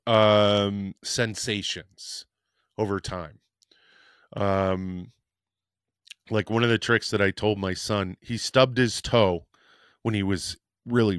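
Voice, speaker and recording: A man hosts his podcast and tells a personal story in a candid, rambling way, swearing now and then. He speaks slowly and takes his time. His voice sounds dry and close, with no room echo. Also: lowish voice, a bit bright, clean tone. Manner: frank, rambling, swears casually. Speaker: podcast host.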